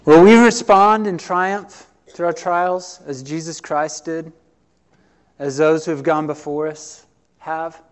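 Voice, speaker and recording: A middle-aged man, preaching a sermon earnestly, with swells and hushed drops. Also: fairly high pitch, steady tone, slow, smooth. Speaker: pastor.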